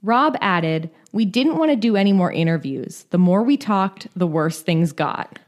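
This woman co-hosting a podcast has a lowish voice with lively intonation and a measured pace. Working through a scripted music history, she adds chatty asides, reads quotes aloud, and bursts into laughter.

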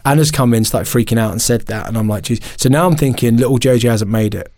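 A man, a podcast guest, telling a candid personal story in an animated, emotional way, often restarting and laughing at himself. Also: mid-range voice, fast, no echo, clean studio sound.

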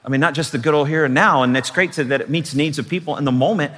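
High, bright-voiced preacher in a hall. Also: male voice. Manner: preaching with rising, emphatic, drawn-out declarations and dropping to soft asides. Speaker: pastor. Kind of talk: sermon.

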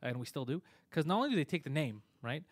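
A man hosting a live show, giving a fast, opinionated rant full of swearing. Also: a little high, sing-song, no echo. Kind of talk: casual live-stream chat.

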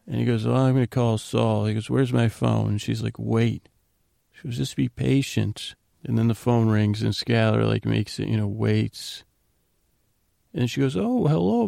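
A man's voice: on the low side, vocal fry, mellow, no echo, studio quality. A man hosting a sleep podcast, loosely retelling a TV episode in a meandering way, quoting the characters' lines. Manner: meandering, retells scenes with loose quoted dialogue. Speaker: podcast host. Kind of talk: rambling sleepy recap.

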